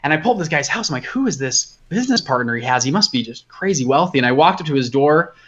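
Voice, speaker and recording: A young man, a guest entrepreneur, telling a personal story in a casual, animated way, acting out the dialogue as he goes. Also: a little high, fast talker, highs cut off.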